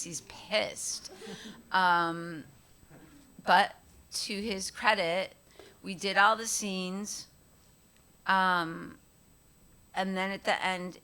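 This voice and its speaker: A woman's voice: mid-range voice, heavy background noise. A middle-aged woman, a guest at a live Q&A, telling stories casually with frequent laughter and acted-out quotes. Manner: animated, laughing often, acts out quoted voices. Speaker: guest actress at a Q&A. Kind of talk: casual storytelling on stage.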